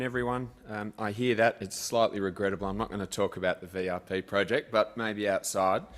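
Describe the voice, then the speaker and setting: A man's voice: fairly low pitch, fairly bright tone. A man giving an investor presentation in a conversational way, with frequent "you know". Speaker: company presenter.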